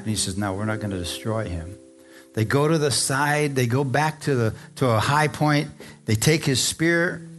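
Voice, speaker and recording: Man preaching a lively sermon. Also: medium pitch. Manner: storytelling, acts out voices, asks the congregation. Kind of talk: sermon with scripture reading.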